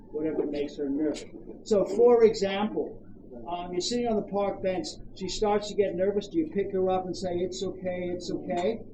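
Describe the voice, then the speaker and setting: Australian dog trainer, firm quick commands, recorded from afar with a noisy outdoor background. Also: mid-range voice. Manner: brisk commands mixed with coaching questions. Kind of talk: hands-on dog training coaching. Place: outdoors at a campground. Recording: echoey, distant, noisy outdoor ambience.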